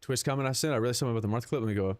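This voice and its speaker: A man's voice: medium pitch, rapid-fire, no echo. A young man streaming live, chatting casually with his viewers in a rambling, profane, joking way. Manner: rambling, profane, jokey, answers chat.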